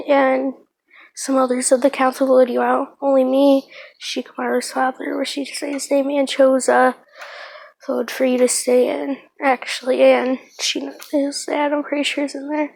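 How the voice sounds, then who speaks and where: A woman improvising a fan-fiction story aloud, halting and rambling, with lots of fillers and self-corrections. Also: high voice, gravelly, a little mellow, no echo, poor audio.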